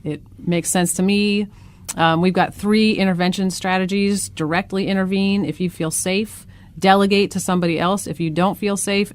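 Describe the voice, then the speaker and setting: An American woman who works as an educator, explaining things calmly in a casual discussion. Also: lowish voice. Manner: calm and explanatory. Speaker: guest educator.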